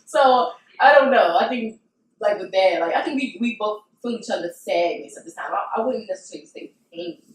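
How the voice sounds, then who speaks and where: Animated woman telling stories on a podcast. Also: mid-range voice, fairly quick. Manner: animated, expressive storyteller. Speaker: podcast co-host. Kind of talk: casual chat, telling personal stories. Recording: roomy sound, mic at a distance.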